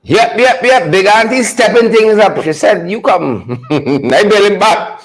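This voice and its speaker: A man hosting mocking political commentary, loud and sarcastic with laughing asides. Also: high-pitched, unhurried, poor audio. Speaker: host.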